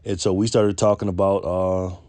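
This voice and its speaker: A man's voice: low-pitched, level tone, normal speed, a little mellow, dry recording. A man vlogging, telling a story casually and loosely, with lots of ums and restarts. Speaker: political vlogger.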